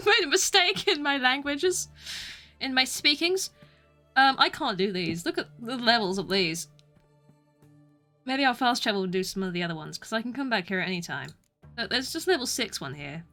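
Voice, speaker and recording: A young woman gives live commentary while streaming a video game, chatting along with giggly, self-deprecating asides. Her voice is fairly high and sharp in tone.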